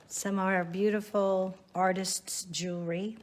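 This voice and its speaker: A woman with a mid-range voice strolls through her small shop, leisurely and chatty as she shows off the goods. She talks slowly and takes her time, pointing things out one after another. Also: mid-range voice, slight background noise. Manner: leisurely, chatty, warmly showing off items. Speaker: shop owner giving a store tour. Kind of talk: casual guided shop tour.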